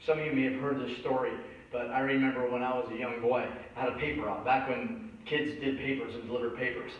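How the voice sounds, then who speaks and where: Guy pastor telling a story in church, lively, puts on voices, far off in a big echoey hall, kinda muffled. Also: medium pitch, fast, a little hiss or hum. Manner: animated storyteller acting out voices. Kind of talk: sermon with storytelling. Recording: echoey church hall from a distance, dull sound.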